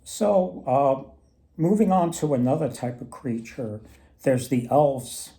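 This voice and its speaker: A man's voice: medium pitch, expressive, slow pace, warm tone. A man casually retelling folk myths and tales, rambling with many restarts. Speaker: storyteller and mythology presenter. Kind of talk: casual storytelling talk.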